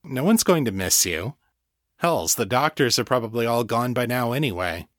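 A man's voice: mid-range voice, expressive, normal speed, dry recording, lightly acted. A lovestruck young man, voiced by a male narrator, coaxing and teasing with an easy, playful lilt. It is a dry, close audiobook recording.

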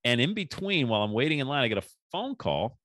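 A man hosting a podcast and telling a story in a casual, animated way, acting out the people he quotes. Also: medium pitch, fast talker, dry recording, clean studio sound. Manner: animated, acts out quoted voices. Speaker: podcast host.

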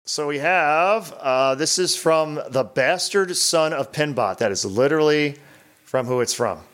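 Podcast guy, kinda high smooth voice, reads listener mail deadpan and jokey. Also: measured pace. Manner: reads listener mail aloud, dry joking. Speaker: podcast co-host. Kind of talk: casual chat.

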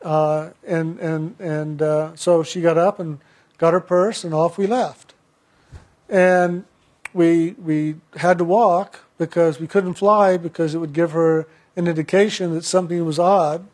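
A man telling a personal story in a chatty, halting way, often repeating words. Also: on the high side, fairly even intonation, darkish tone.

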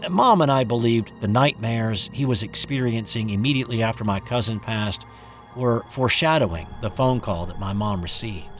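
A man reading a first-person ghost story aloud in an expressive, dramatic way. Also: on the low side.

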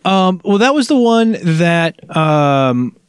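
A man talks in a loose, rambling way, often stopping and restarting his sentences as he co-hosts a chat podcast. His voice sits a bit higher than most men's. The sound is dry and close, with no room echo. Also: big pitch swings, takes it slowly, clear, resonant tone. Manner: rambling, hesitant, full of fillers and restarts. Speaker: podcast co-host. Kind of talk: casual chat.

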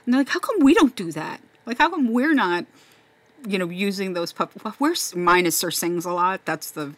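A woman in her fifties hosting a casual chat, chatty and quick to laugh as she tells stories. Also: mid-range voice, no echo. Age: 50s. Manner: chatty, laughs often, animated retelling. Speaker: podcast host, teacher.

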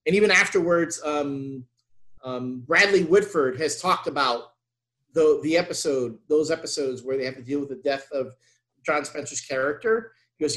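A man co-hosting a casual podcast chat, talking in an animated, exasperated, ranting way. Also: on the high side, normal speed. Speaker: podcast co-host.

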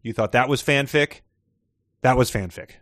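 A man's voice: medium pitch, normal speed, fairly bright tone, dry recording. Male podcast host, dry close mic, reads prose dramatically, laughs easily. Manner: reads passages expressively, laughs often. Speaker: podcast host reading excerpts. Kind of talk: casual chat with dramatic readings.

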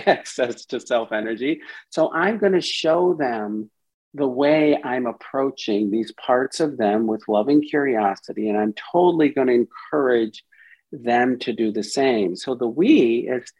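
A man's voice: medium pitch, a little mellow, breathy edge, lo-fi sound. A man speaking as a therapist and podcast guest, explaining ideas at length and briefly acting out inner voices in quotes. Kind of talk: explanatory interview talk.

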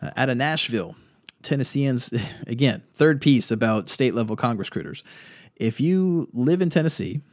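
A man's voice: mid-range voice, lively intonation, moderate pace, dry recording. Sardonic man hosting a podcast, dry sound. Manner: sardonic, profane, reads quotes aloud. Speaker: podcast host. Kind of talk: casual news commentary.

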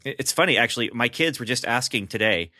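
A man's voice: mid-range voice, expressive, fast talker, sharp tone, no echo, clean studio sound. A man hosting a podcast in casual chat, talking in a loose way with frequent laughs and filler words. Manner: chatty, laughs often, many fillers and restarts. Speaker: podcast host.

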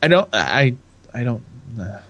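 A man's voice: medium pitch, big pitch swings, measured pace, a bit bright, muffled recording. A young adult man from California co-hosting a casual podcast chat, rambling, restarting his sentences and laughing often. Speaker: podcast co-host.

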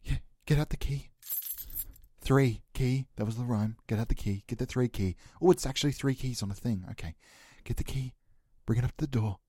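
A man hosting a comedy podcast, improvising a bit in a theatrical, overwrought way. His voice drops to a hushed mumble, then leaps into a high, mock-tearful wail. The sound is close and dry, with no room echo. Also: brisk, breathy edge. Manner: melodramatic, swings between hushed mumbling and high mock-crying.

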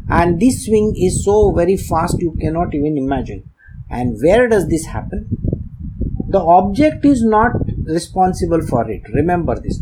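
A man with a high, light voice gives a spiritual talk. He explains patiently and voices the people in his examples. Steady hiss and clicks sit behind him. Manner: explanatory, acts out little dialogues. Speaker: spiritual teacher. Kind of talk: devotional discourse. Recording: noisy recording with clicks.

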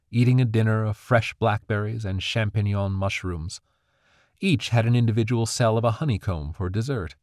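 A man narrating a children's fantasy storybook with an expressive, animated reading. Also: on the low side, no room sound, studio quality.

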